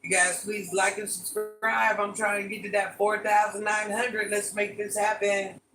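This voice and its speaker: Over music, an older woman hosts a laid-back live stream, talking with viewers and repeatedly reminding them to like and subscribe. Her voice is medium-pitched with a level tone and a moderate pace, heard from far off in an echoey room.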